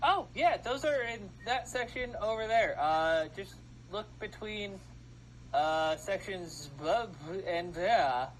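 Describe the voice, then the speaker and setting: A man's voice: high-pitched, lively intonation, takes it slowly, fairly bright tone, slight background noise, heavily acted, poor audio. A man doing a laid-back young librarian. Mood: easygoing. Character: young casual male librarian, friendly and easygoing.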